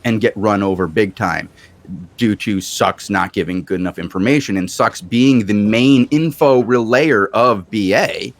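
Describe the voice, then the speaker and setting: A man hosting a casual chat, telling an animated story from an online game. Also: on the low side, a little slow, no echo.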